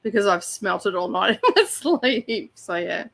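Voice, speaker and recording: A woman's voice: mid-range voice, very animated, measured pace, gravelly, a bit bright. A woman co-hosting a casual book club livestream, easygoing and laughing along, fighting a cold. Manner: easygoing, laughs along, short agreeing replies. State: has a cold. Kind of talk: casual chat.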